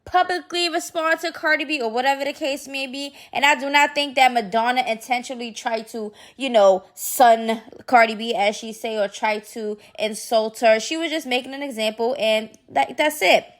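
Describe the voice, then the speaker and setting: A woman's voice: fairly high pitch, fairly even intonation, normal speed, few pauses. A woman hosting a celebrity gossip channel, reading posts aloud and commenting in a sassy, chatty way. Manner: sassy, chatty, addresses viewers as y'all.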